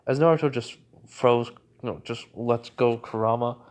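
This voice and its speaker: A man's voice: medium pitch, moderate pace, a little mellow. A man casually retelling a made-up crossover story, rambling with many fillers. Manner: rambling, heavy use of "you know" fillers. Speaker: fan storyteller.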